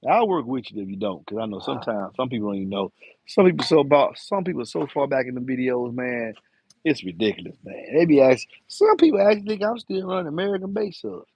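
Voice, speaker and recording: A man's voice: mid-range voice, sing-song, quick pace, a little mellow, breathy edge, dry recording. A man around fifty, chatting loosely on a live stream and rambling in slang. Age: 50s. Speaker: live-stream host, enclosure builder. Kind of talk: casual live-stream chat.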